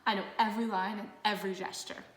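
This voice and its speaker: A woman's voice: medium pitch, steady tone, fast talker, roomy sound, natural voice. A woman doing a dramatic little girl. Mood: eager. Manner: emphatic, theatrical. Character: spirited young girl, dramatic and stubborn.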